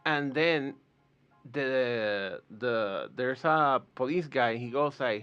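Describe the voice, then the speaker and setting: A man from Puerto Rico, a podcast guest, telling a wild story in a casual, profane, animated way. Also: medium pitch, slow, clear, resonant tone, highs cut off.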